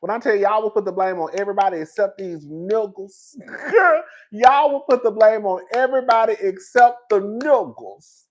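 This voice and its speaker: Gossipy man, animated commentary. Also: high voice, normal speed. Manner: animated and gossipy, laughing between lines, calls his viewers "girl". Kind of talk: reaction commentary.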